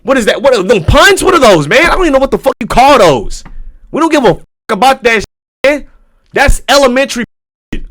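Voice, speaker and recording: A man's voice: very high-pitched, sing-song, a little fast, fairly bright tone. A man streamer reacting live to videos, talking in a loose, slangy and profane way with frequent asides to his viewers.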